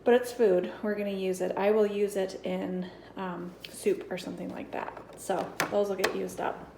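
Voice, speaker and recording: A woman's voice: medium pitch, flat delivery, normal speed, vocal fry, background noise. A woman in her thirties chatting casually as she walks through her home storage and pantry, thinking aloud with fillers. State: out of breath after the stairs. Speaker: homemaking vlogger. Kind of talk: casual walk-through vlog.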